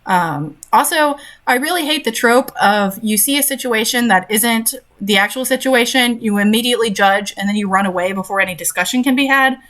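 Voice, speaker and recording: A woman's voice: fairly high pitch, brisk, few pauses, a bit bright. A young woman reading a story aloud and breaking off into sarcastic, exasperated commentary on it. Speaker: host reading and critiquing a story.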